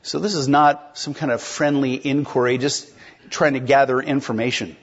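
Man, pastor, sermon, husky voice, medium pitch, muffled lo-fi recording. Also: steady tone, moderate pace. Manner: conversational, explains and asks the congregation questions. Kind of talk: expository sermon.

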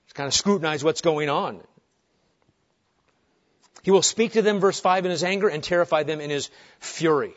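A man preaching an expository sermon, swinging between booming emphasis and hushed calm. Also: moderate pace, long pauses. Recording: dull lo-fi sermon recording.

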